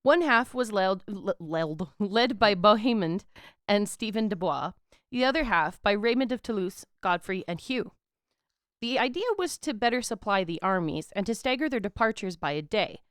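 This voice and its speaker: A woman narrating history for a podcast in a loose, irreverent way, full of slang and small stumbles. Her voice is smooth and clean. It sits dry and close on the mic. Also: mid-range voice, lively intonation, normal speed, no room sound. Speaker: podcast co-host.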